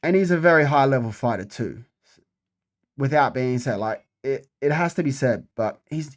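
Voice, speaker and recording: A man's voice: medium pitch, animated, fairly quick. A young man giving a casual, profane breakdown of upcoming fights, repeating himself for emphasis. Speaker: MMA fight predictor.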